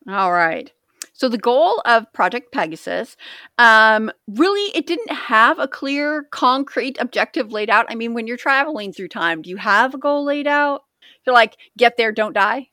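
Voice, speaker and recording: A woman's voice: fairly high pitch, expressive, a little slow, pushed and bright, no echo, clean studio sound. A woman co-hosting a podcast in casual chat, rambling and jokey, often stumbling over words. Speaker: podcast co-host.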